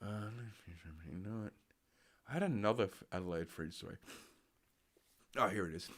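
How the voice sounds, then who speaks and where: A man's voice: lowish voice, expressive, normal speed, fairly bright tone, dry recording. An Australian man hosting a streaming show, ranting sarcastically through news stories with a blocked, sniffly nose and plenty of swearing. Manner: profane, sarcastic, rambling. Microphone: desk microphone.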